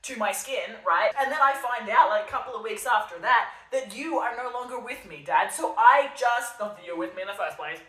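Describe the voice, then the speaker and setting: Speaking fairly quickly with few pauses, this young Australian podcaster delivers a solo monologue to an absent listener. Her voice is a little high, expressive and fairly bright, her humor sardonic and darkly self-mocking, and the off-mic recording sounds roomy.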